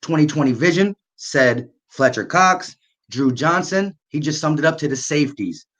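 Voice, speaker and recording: A man co-hosting a casual fan sports stream, talking in a relaxed way and reading out viewer comments. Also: on the high side, moderate pace. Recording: dull lo-fi stream audio.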